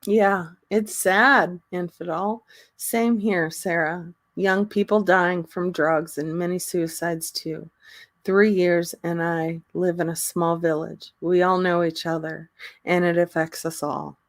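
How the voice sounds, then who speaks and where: A woman hosting a casual livestream, talking slowly with many pauses and ums and often laughing. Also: on the low side, fairly even intonation, no echo. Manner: slow, halting talk with frequent ums and laughter. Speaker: livestream host.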